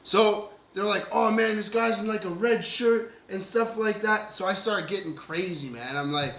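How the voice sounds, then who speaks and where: Co-hosting a casual podcast, a man tells an animated story among friends, swearing, laughing, and acting out other people's lines. His high voice has a fairly bright tone and a moderate pace, and the recording carries a roomy echo.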